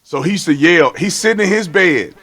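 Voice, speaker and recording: A man talking as a guest in a casual chat, telling family stories with laughter and shouted imitations. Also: fairly high pitch, expressive, fairly quick, husky. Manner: laughing storyteller, shouts out relatives' calls.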